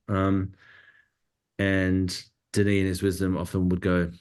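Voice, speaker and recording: A man with a notably low voice answers interview questions in an easygoing, conversational way. He thinks out loud, doubling back on his words as he goes. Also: measured pace, clear, resonant tone. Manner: relaxed, thinking aloud with many restarts. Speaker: cinematographer guest.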